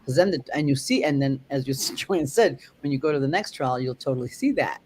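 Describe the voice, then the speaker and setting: A dog trainer in casual conversation, speaking in halting, rambling phrases with frequent restarts. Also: medium pitch, expressive, a little mellow, a little hiss or hum. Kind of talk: casual chat.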